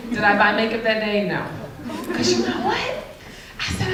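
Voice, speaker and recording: A woman giving a candid, sassy talk about relationships to an audience, animated and often laughing. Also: high voice, measured pace, a loud crowd, heavy background noise. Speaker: speaker addressing an audience. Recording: very echoey, mic far off.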